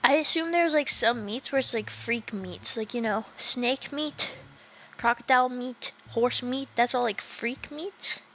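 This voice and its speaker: A woman's voice: a little high, a little slow, a bit bright, slight background noise, low-quality recording. A young woman livestreaming a game, chatting casually with her viewers, giggling often and swearing offhandedly. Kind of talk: casual gaming livestream chat.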